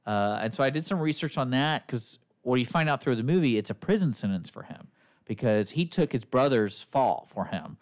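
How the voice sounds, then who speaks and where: A middle-aged man hosting a casual movie podcast, retelling a plot with animated, acted-out quotes. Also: mid-range voice, moderate pace. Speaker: podcast host reviewing movies. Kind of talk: casual chat.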